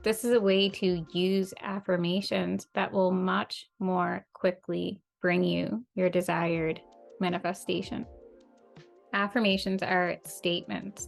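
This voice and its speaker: A woman coaching listeners on manifestation in an earnest, measured way, repeating key phrases for emphasis. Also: on the low side, little pitch movement, vocal fry, faint music behind. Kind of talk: slow, calm motivational talk.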